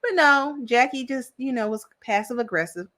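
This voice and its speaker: A woman's voice: on the high side, animated, moderate pace, bright, forceful tone. A woman giving a casual, sassy recap of a reality show, chatty and opinionated, with plenty of slang. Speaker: reality TV commentator.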